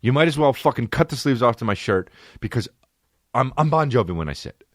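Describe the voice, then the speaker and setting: A man in his thirties delivers a comedic podcast monologue, swearing freely and working himself up into an animated, pitch-climbing rant. The recording is close and dry, with no room around the voice. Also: a little fast, no room sound. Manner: profane, ranting, rising to a high-pitched mock outrage. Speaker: podcast host.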